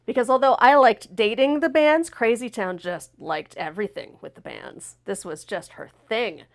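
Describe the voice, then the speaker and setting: A woman hosting a talk show, telling a personal story in a lively way and acting out the voices of the people in it. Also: a little high, normal speed. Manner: animated, acts out quoted voices. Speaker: host.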